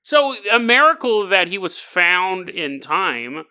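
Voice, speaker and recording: A man's voice: sits high, very animated, takes it slowly, bright, forceful tone, clear, resonant tone. A man hosting a podcast, retelling a news story as a comedy bit with jokes, tangents and laughs mid-sentence. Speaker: podcast host.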